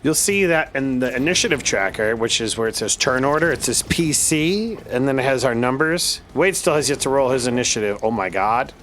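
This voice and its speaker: A man's voice: medium pitch, expressive, brisk, few pauses, a bit bright. Player, man, easygoing rules talk, faint background hiss. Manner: chatty, laughs often, explains rules. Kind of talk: casual tabletop game chat.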